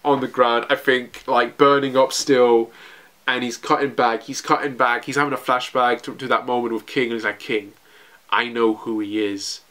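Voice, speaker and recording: A young man giving an excited, rambling recap of manga chapters, full of fillers and restarts. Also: medium pitch, moderate pace. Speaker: manga reviewer.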